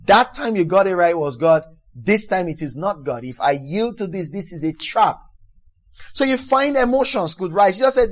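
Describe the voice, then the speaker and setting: A man preaching a sermon, reading Bible verses aloud and explaining them in an emphatic way, often repeating words and building to loud exclamations. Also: high-pitched, expressive, normal speed.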